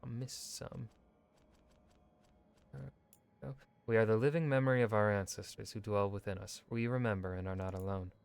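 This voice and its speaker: A man streaming a video game, reading in-game lore texts aloud in a measured, steady way with brief asides. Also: lowish voice, gravelly, smooth, no room sound. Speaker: gaming streamer.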